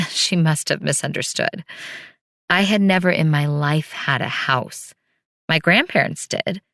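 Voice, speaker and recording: Low-voiced woman narrating a dark story. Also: unhurried, creaky, dry recording, studio quality. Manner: wry, bitter storytelling. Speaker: first-person narrator.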